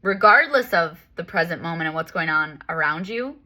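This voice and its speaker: A woman life coach and yoga teacher chatting casually. Her voice sits a little low but sounds bright and forceful. She rambles candidly, stacking up fillers as she goes. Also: lively intonation, moderate pace. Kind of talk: casual spiritual talk.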